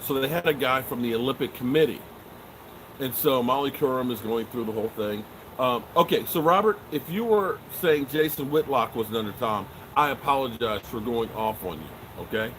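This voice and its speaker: Joking sports host, noisy background. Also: male voice, medium pitch, moderate pace. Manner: joking, animated, swears and trails off often. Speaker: sports show host answering live chat. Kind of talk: casual live-stream chat.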